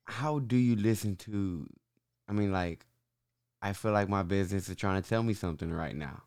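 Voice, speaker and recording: A male host with a low, smooth voice asks halting, searching questions in a casual chat. The sound is dry and close. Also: a little mellow, dry recording. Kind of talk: casual conversation.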